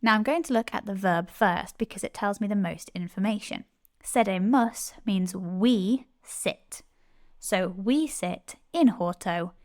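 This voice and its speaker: A woman tutor of middle pitch works through examples at a patient, even pace, spelling out each step. Her voice is recorded close and dry, with no room sound. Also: no echo. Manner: clear, patient step-by-step teaching. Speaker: Latin tutor. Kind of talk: online lesson explanation.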